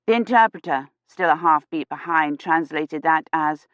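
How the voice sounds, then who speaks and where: A woman narrating an audiobook in a measured, even storytelling manner. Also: sits low, no room sound. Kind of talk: scripted narration.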